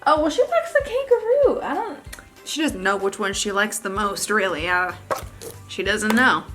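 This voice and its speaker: A young woman with a mid-range, sing-song voice vlogs casually from her living room couch at a moderate pace, music playing in the background. A beauty vlogger, she unboxes a package for her dog, often gushing and slipping into baby talk.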